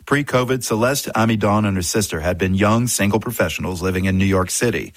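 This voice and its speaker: A man hosting a radio news program, introducing a segment in a measured, conversational read. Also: lowish voice, no echo. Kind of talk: scripted broadcast presenting. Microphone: studio microphone. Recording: dry studio sound.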